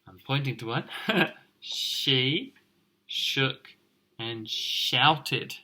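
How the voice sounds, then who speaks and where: A male teacher reading a picture book aloud to children, expressive and encouraging as he points things out. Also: mid-range voice, very slow.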